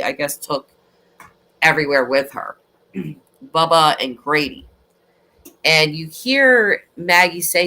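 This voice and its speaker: A woman hosting a true crime livestream, chatting casually and rambling with lots of restarts. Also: fairly low pitch. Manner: rambling, animated, with frequent restarts. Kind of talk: casual chat.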